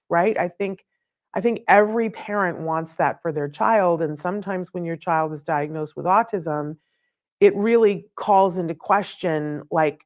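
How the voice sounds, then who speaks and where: A middle-aged woman hosting a live studio show, chatty and effusive, with fillers and quick laughs. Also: on the low side, a little mellow, no echo. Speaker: host. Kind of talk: live show opening monologue.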